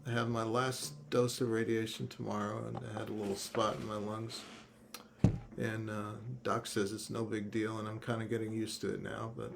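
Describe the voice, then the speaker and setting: A man, a singer-songwriter guest, chatting in a relaxed way before he sings his song, outdoors in a front yard. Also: on the low side, creaky, over music. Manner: slow, relaxed, unhurried talk. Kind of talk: casual chat before singing a song.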